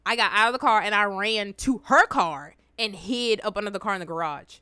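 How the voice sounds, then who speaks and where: A young adult woman hosting a reaction video, telling stories in an animated, slangy, exclamatory way. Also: mid-range voice, brisk, smooth, no room sound, clean studio sound. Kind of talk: casual reaction commentary and storytelling.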